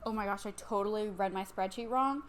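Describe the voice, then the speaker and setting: A woman's voice: medium pitch, brisk, slight background noise. A young woman in her twenties, a little tipsy on wine, chatting casually about books at home and rambling with lots of fillers and restarts. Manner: rambling, self-interrupting, lots of likes and ums. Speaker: book vlogger. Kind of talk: casual chatty book review.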